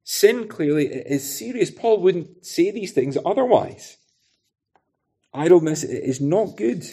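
A man's voice: on the high side, big pitch swings, unhurried, vocal fry, mellow, husky. A man preaching an expository sermon in a conversational way, often adding rhetorical tag questions.

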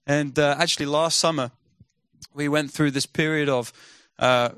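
Male preacher, mid pitch, dry close sound, lively storyteller; acts out dialogue. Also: moderate pace, clean tone, dry recording. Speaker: missionary speaker. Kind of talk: sermon storytelling.

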